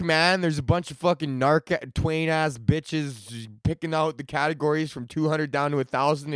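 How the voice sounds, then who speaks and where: A young man hosts a comedy podcast, talking in a loose, profane ramble full of stoner slang. His voice sits a little high. The sound is dry and close, with no room behind it. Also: a bit bright, no room sound. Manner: crude, laughs at his own jokes, stoner slang.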